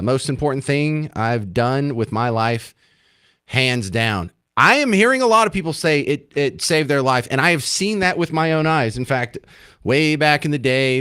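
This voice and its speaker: A male talk radio host with a mid-pitched voice, speaking into a studio microphone in a dry, close room. He talks conversationally and keeps the calls moving. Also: a bit bright, dry recording. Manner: conversational, steers callers along.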